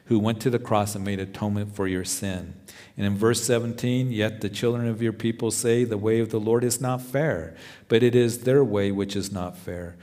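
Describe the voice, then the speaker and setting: A man's voice: lowish voice, darkish tone, big-room sound. A male pastor preaching verse by verse, earnest and repeating words when he presses a point. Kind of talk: verse-by-verse sermon.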